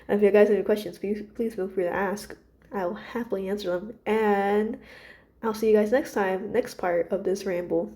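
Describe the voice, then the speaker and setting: Woman, warm mellow voice, gentle hesitant ramble full of ums and restarts. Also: mid-range voice. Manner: hesitant, many fillers and restarts. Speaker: creator discussing her characters. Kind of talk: casual rambling monologue.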